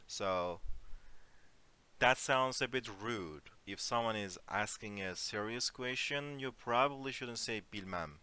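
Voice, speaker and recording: A man teaching an online Turkish lesson in English, explaining phrases slowly and giving spoken examples. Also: medium pitch, bright, forceful tone, smooth. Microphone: computer mic on a voice call.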